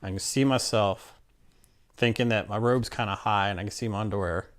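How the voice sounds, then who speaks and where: An interviewee with a somewhat low, clear and resonant voice tells a personal story in easy, casual speech. He's animated, trailing off into fillers and starting over, and slips into quick voices for the people in his tale.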